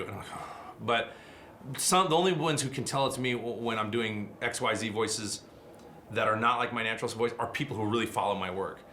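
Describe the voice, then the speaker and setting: Middle-aged voice actor guy, talks fast, tumbling anecdotes, casual interview vibe. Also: fairly low pitch, a little hiss or hum. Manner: fast, animated anecdotes with quick asides.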